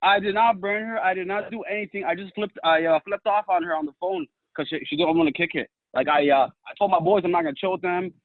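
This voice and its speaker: Canadian male caller, high voice, laid-back slang, dull lo-fi line. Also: steady tone, quick pace, hardly any pauses, no room sound. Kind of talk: casual call-in chat.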